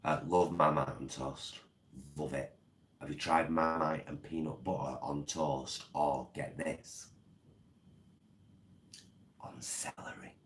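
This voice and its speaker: Chatty man, extremely low voice, live-streaming to viewers and reading their comments. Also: fairly even intonation, a little slow. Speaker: vlogger.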